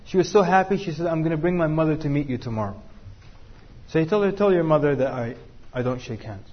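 Husky man teaching a lively class. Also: a little high, fast talker, lo-fi sound. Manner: lively, joking, asks the room questions. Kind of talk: interactive class talk with students.

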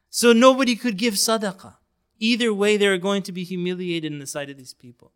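A man's voice: high voice, fairly quick, a bit bright, clear, resonant tone. Earnest man preaching a sermon. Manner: earnest, emphatic, recites Quran in melodic chant. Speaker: Islamic preacher.

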